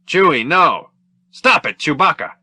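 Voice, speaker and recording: A man's voice: sits low, steady tone, a little slow, sharp tone, no echo, exaggerated voice. A man voicing a cocky, tough male space smuggler, speaking tersely in an audiobook reading. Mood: urgent.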